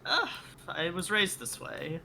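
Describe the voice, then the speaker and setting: A man's voice: high voice, big pitch swings, slow, vocal fry, crowd noise. A man playing in a tabletop game, in a playful, coaxing manner with laughter. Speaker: player. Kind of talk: in-character roleplay and table talk.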